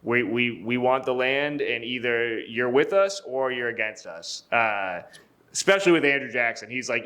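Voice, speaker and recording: A man's voice: mid-range voice, animated, moderate pace, pushed and bright. A young man co-hosting a podcast, telling history in a loose, profane way, acting out quotes in jokey voices and laughing often. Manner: laughs often, many fillers and restarts. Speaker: podcast co-host. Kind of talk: casual history storytelling.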